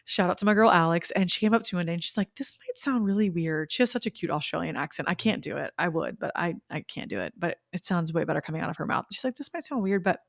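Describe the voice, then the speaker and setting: A bubbly young woman hosts her own podcast and tells a personal story in an easy, chatty way. Her voice sits fairly low for a woman. She gushes and laughs often, and her voice reaches the microphone dry and close. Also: expressive, rapid-fire, gravelly, hardly any pauses, no room sound. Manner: bubbly and gushing, with bursts of laughter. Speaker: podcast host. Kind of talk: casual solo storytelling.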